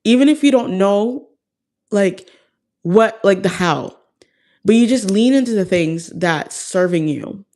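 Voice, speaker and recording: A woman's voice: mid-range voice, lively intonation, measured pace, a little mellow. A woman hosting a live stream, talking to viewers in an earnest, confiding heart-to-heart, rambling with lots of "like" and restarts. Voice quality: creaky vocal fry. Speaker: host of a self-help live stream. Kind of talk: casual heart-to-heart talk to viewers.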